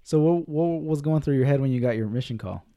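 A man's voice: on the high side, fast, dark tone. A man hosting a podcast, asking questions in an easygoing, friendly way. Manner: friendly, asks questions, says "man" a lot. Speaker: podcast host. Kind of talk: casual interview.

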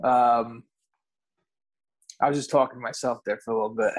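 A man's voice: medium pitch, fairly even intonation, moderate pace. A man co-hosting a podcast, telling rambling, profane stories in casual chat and often correcting himself. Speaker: podcast co-host.

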